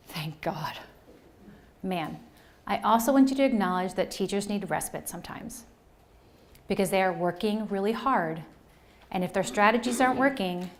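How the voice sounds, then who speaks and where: A woman from New Jersey giving a lively, conversational workshop presentation to educators, often checking in with the audience. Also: medium pitch. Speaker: conference presenter. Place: presentation room.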